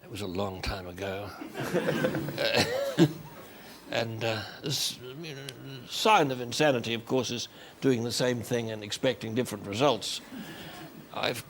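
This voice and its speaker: An older Australian man, a guest on a chat show, tells wry stories in an unhurried, anecdotal way. His voice is medium-pitched and expressive, recorded in a noisy television studio.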